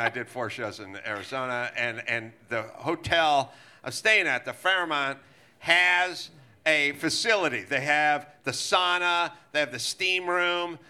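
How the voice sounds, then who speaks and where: A middle-aged man hosting a live comedy podcast, telling profane stories in an animated way and laughing as he talks. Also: fairly high pitch, normal speed, clear, resonant tone. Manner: animated, swearing, laughs mid-sentence. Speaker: podcast host. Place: live show on stage.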